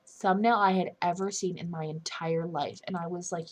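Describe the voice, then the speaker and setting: A young woman talks straight to camera in an opinion vlog, voice sitting a little low. She sounds indignant and earnest, and she keeps restarting and correcting her own sentences as she goes. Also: steady tone, moderate pace, few pauses, darkish tone. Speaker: commentary YouTuber.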